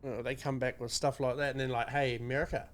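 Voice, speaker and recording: A man's voice: mid-range voice, flat delivery, fast. A man co-hosting a podcast, ranting sarcastically and swearing freely in casual banter. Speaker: podcast co-host.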